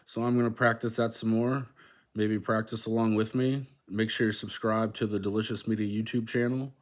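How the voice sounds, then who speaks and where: A man's voice: lowish voice, level tone, normal speed. A man hosting a language-learning channel, reading from a textbook in a casual, hesitant way, with many "um"s and repeated practice words. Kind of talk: casual self-study walkthrough, reading aloud from a book.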